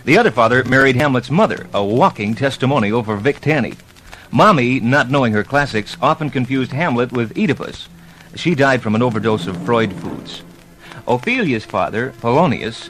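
A man giving a quick, wry comic summary in an old radio sketch. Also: mid-range voice, poor audio. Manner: wry deadpan punchlines. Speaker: radio comedy narrator. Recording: old radio recording with music.

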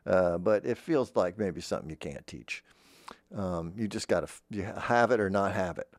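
Comic man as a rambling, mock-earnest voice coach, low voice with a lively range, dry close sound. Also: moderate pace, dry recording. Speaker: comic playing a voice-acting teacher. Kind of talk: improvised comedy monologue.

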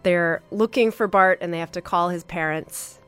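A woman hosting a podcast, reviewing an episode in a casual, enthusiastic way with many fillers and pauses. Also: fairly low pitch, fairly bright tone, smooth, faint music behind. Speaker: podcast host.

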